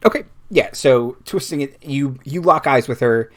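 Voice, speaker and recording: A man's voice: medium pitch, moderate pace, a bit bright. A man running a tabletop game as game master, describing scenes with lots of fillers.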